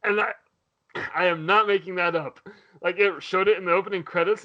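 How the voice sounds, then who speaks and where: A man hosting a podcast in casual chat, telling a story in an animated way. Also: high voice, fairly quick, lo-fi sound. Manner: animated, swears and laughs while retelling. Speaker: podcast host.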